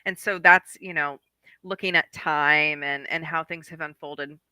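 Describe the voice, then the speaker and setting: Bright, excited spiritual guide woman. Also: low voice, unhurried, smooth, no room sound. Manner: excited, effusive. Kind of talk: casual podcast conversation.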